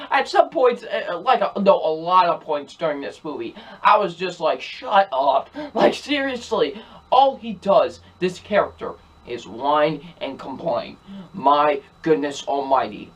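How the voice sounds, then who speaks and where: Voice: mid-range voice, lively intonation, unhurried. A film reviewer talking casually in a ranting movie review, exasperated and emphatic, repeating the same points over and over.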